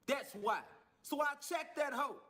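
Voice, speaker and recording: A man's voice: extremely high pitch, expressive, measured pace, bright, forceful tone. A man telling his own story in an angry, profane, defiant monologue. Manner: heated, profane, defiant ranting.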